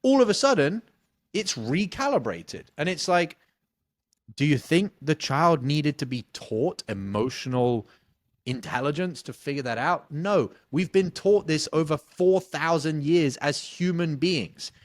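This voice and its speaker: Man, sales coach, blunt, casual swearing, animated storytelling, dry close sound. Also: on the high side, unhurried, no echo. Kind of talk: podcast interview answer.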